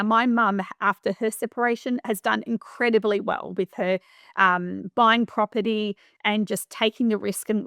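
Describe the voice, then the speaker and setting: A middle-aged woman from Western Australia with an Australian accent, a property manager chatting as a podcast guest, animated and full of fillers and restarts. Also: a little high, gravelly, no echo, clean studio sound. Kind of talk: casual interview storytelling.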